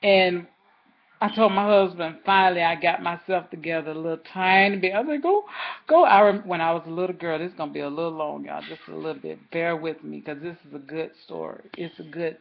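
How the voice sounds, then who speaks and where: A woman's voice: on the low side, steady tone, fairly quick, creaky. Chatty woman vlogger, lo-fi audio. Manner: chatty, rambling, talks straight to viewers. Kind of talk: casual storytelling vlog.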